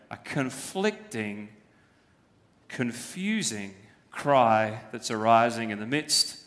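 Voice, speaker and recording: A man's voice: mid-range voice, fairly bright tone. A man preaching a sermon as pastor, speaking emphatically and posing rhetorical questions to the congregation. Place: church. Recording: long hall reverb.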